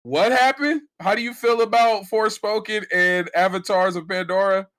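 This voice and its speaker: A man's voice: sits high, moderate pace, fairly bright tone. A man co-hosting a casual gaming chat over a remote call, playful and teasing. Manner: playful, laughs and teases a lot.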